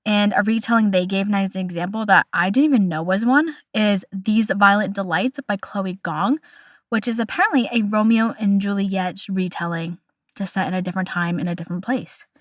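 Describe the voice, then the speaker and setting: A woman's voice: mid-range voice, brisk, no room sound. Young woman podcast host: casual, chatty, playful and opinionated, dry close sound.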